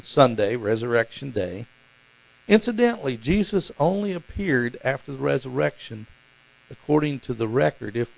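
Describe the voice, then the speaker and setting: A man preaching a sermon as pastor, animated and acting out the voices in the stories he tells. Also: mid-range voice, creaky, low-quality recording. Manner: animated, acts out voices in quotes.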